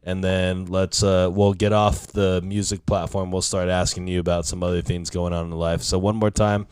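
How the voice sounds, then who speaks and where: A man's voice: sits low, little pitch movement, normal speed, darkish tone, clean tone, no echo. A man hosting a podcast in casual chat, laid-back and sprinkled with swearing. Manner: laid-back, swears, says "dude" a lot. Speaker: podcast host.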